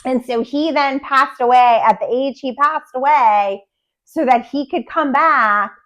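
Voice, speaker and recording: A woman co-hosting a podcast, asking questions and reflecting calmly on a book in casual chat. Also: high-pitched, a little slow. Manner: leads questions, steady and agreeable. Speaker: podcast co-host.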